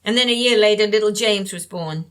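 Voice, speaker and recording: A woman puts on a frail older woman for this audiobook, nasal and evasive. Her tone is bright and keen, and she speaks in halting bits, trailing off as if talking to herself. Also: mid-range voice, close to an everyday voice. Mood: bitter. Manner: halting, drifting, talks to herself. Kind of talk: audiobook character reading.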